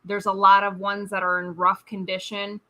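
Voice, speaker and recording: A woman's voice: mid-range voice, completely flat delivery, moderate pace, pushed and bright, low-quality recording. A woman co-hosting a live online auction stream, chatting casually as she describes the lot. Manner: chatty, describes items plainly.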